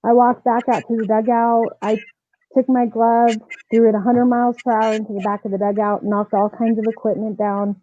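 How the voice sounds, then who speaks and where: A woman softball coach telling her personal story as a podcast guest, earnest and animated, with frequent fillers. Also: fairly high pitch, normal speed, no echo. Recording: tinny phone-like dry line.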